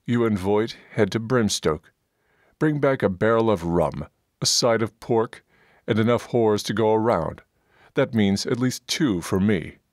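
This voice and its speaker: A man's voice: lowish voice, lively intonation, measured pace, no echo, clean studio sound, pitched above the performer's own voice. A man doing a scornful zealot dwarf priest. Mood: boisterous. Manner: bullying, scornful, pompous.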